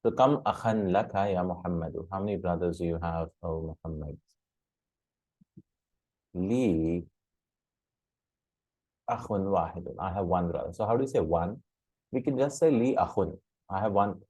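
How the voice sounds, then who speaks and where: A man with a very low voice teaches a recorded lesson. He is patient, repeats each word and checks in with short questions. The sound is dry and close, with no room echo. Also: a little fast, pauses often, darkish tone, slightly rough. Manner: patient, repeats words, asks "hmm?" and "right?". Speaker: Arabic teacher.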